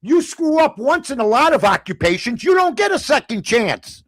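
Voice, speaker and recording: A man's voice: very high-pitched, moderate pace, dry recording. An older man, a sports talk guest, telling stories and ranting in casual chat. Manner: animated, ranting storyteller.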